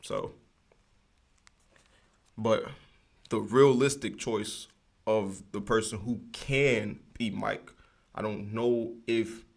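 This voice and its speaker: Young male podcast host, low gravelly voice, loose slangy solo rant that wanders. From United States. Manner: loose, slangy, rambling, digresses often. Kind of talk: casual solo ranting.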